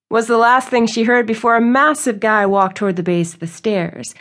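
A woman reading a romance novel aloud as an audiobook narrator. Her storytelling is smooth and even. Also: a little high, normal speed. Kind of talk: scripted narration.

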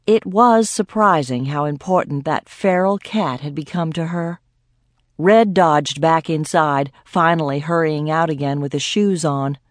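A woman reading a mystery audiobook aloud with lively storytelling, on a close studio mic. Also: low-pitched, no room sound. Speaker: audiobook narrator. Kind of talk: scripted narration.

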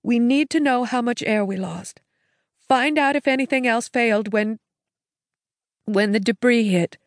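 Woman reading as a grieving sister, gently firm and coaxing, dry close sound, audiobook. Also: fairly high pitch, measured pace, no echo, voice pushed up. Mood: gently urging. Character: grieving woman, steady and coaxing, steadying her brother. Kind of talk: audiobook character voice.

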